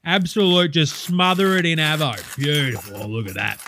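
A man doing a bright blokey Aussie cook. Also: on the high side, normal speed, a little hiss or hum. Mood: jovial. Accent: Australian. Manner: hearty, crude, laid-back slangy banter. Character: boisterous blokey male Aussie cooking-show host. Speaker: comedy sketch performer. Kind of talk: comedic cooking-show parody.

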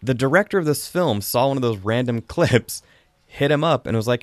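A man's voice: medium pitch, animated, a little fast, no echo. A man hosting a casual podcast chat, reviewing a film in a rambling, chatty way with frequent laughs.

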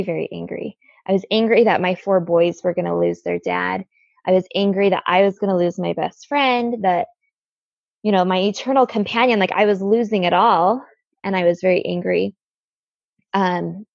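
A woman in her thirties tells her own story as a podcast guest, in an earnest way that keeps checking in with her listener. Her voice has a gravelly fry to it. The audio is dry and a little dull, with no room sound. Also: medium pitch, dry recording. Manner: earnest, checks in with frequent "right?". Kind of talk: personal storytelling.

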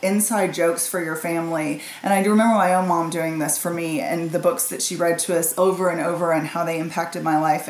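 A woman guest talking casually about family life, lively and quick to laugh. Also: on the low side. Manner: lively, laughs easily, talks in long runs. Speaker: guest parent. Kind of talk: casual conversation. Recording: echoey room with faint ambient noise.

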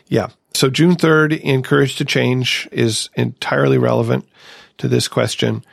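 Gravelly-voiced man hosting a podcast. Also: medium pitch, fairly even intonation, measured pace, no echo, clean studio sound. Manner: reflective, personal sharing. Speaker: podcast host. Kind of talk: casual recovery podcast chat.

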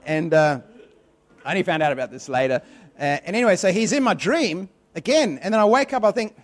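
A man's voice: on the high side, lively intonation, fairly quick. A man preaching a sermon in a conversational, repetitive way, telling personal stories with animation.

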